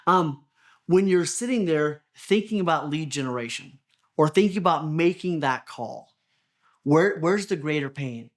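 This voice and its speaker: A man's voice: a little high, expressive, measured pace. A man coaching real estate agents in a motivational talk, earnest, often repeating words and asking the listener questions. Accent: Texan. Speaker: business coach.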